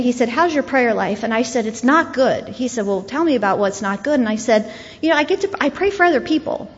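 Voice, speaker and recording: Woman, grieving, earnest storyteller, slightly high voice, dull sound, long hall reverb. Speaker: guest speaker. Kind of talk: personal testimony talk.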